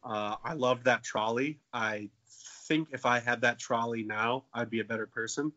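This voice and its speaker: A man's voice: steady tone, moderate pace, sharp tone, muffled recording. Joking, profane man in his twenties. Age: 20s. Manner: jokey, profane, bursts into silly high voices. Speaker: podcast co-host. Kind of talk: casual comedic chat.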